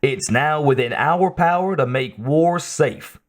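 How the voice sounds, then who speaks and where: A man's voice: on the high side, slow pace. A man reading as an earnest male soldier in a promotional video, with a put-on Texan drawl.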